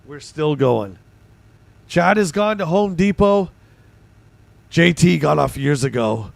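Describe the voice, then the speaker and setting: A man hosting a livestream in casual chat, his voice hoarse and gravelly, bantering excitably with his viewers. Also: a little high, unhurried, no echo. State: hoarse, voice going. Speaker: livestream host.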